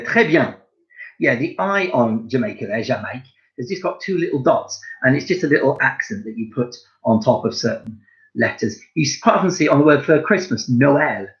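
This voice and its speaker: A man teaching a recorded home-learning lesson to young children, slow and encouraging, spelling out words letter by letter. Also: mid-range voice, muffled recording. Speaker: primary school teacher.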